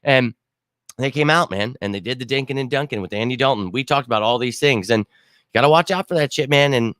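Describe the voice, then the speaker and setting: Fired-up, hoarse man ranting after a game. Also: medium pitch, a little fast, fairly bright tone, no echo, clean studio sound. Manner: fired-up, blunt, swears, repeats himself. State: choked up and hoarse from screaming. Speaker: host of a sports fan show. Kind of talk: casual postgame fan rant.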